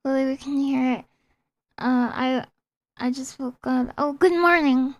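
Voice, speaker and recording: A woman streaming a game in casual live chat, excitable, often reading chat aloud and apologizing. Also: sits high, unhurried, no echo. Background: faint game music.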